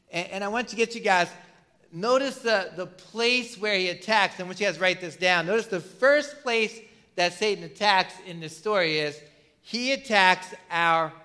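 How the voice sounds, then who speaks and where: Bright-voiced man preaching conversationally. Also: sits high. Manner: conversational preaching with rhetorical questions and fillers. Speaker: pastor. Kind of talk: sermon.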